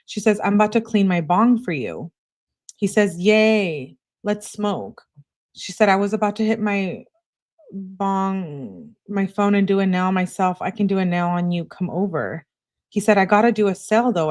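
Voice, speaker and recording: A woman's voice: on the low side, a little mellow. A woman hosting a true crime channel, reading text messages aloud in a casual, conversational way and adding her own comments.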